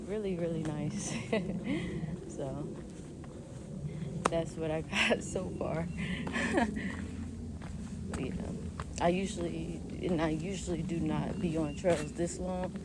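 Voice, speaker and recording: A woman with a lowish voice chats while she hikes and records herself on a phone outdoors. Her talk wanders from point to point, packed with fillers and little laughs. The outdoor background noise comes through clearly. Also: slow pace, pauses often. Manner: rambling, chatty, with lots of fillers and laughs. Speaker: vlogger. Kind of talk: casual vlog chat while hiking. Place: outdoor nature trail near a pond.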